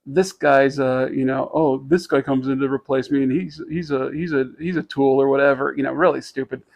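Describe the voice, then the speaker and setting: Gravelly-voiced man telling a rambling story. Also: medium pitch, dull audio. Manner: rambling, halting with many fillers, animated when quoting others. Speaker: podcast co-host. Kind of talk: casual storytelling chat.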